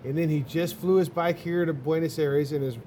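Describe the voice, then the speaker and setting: A man from Texas, a motorcycle traveler telling stories in casual chat, animated and full of swearing. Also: on the high side, brisk, slight background noise. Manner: profane, animated storyteller.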